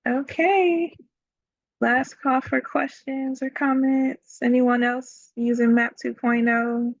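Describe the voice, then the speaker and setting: Friendly webinar host lady, gravelly voice, dull dry call audio. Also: sits high, level tone, slow, no echo. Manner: friendly, enthusiastic, laughs easily. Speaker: webinar moderator. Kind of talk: moderating a webinar.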